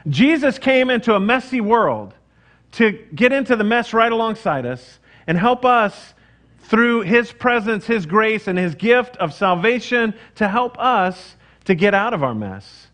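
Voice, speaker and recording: A man's voice: sits high, expressive, normal speed, fairly bright tone. A middle-aged man, preaching a casual, conversational sermon with frequent fillers and restarts. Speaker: pastor.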